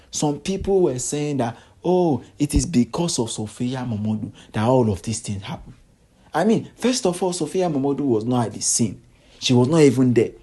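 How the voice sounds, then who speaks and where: A man's voice: mid-range voice, warm tone, breathy edge. A man delivering a solo gossip commentary, repeating himself for emphasis and asking rhetorical questions.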